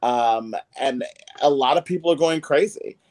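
A man's voice: mid-range voice, moderate pace, darkish tone. A man hosting a casual chat, enthusiastic and gossipy, with lots of fillers. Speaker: host.

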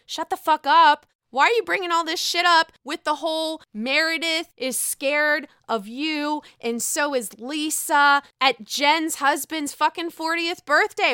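A woman giving casual, blunt commentary, full of swearing and animated outbursts. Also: sits high, no echo, studio quality. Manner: blunt, profane, animated rant.

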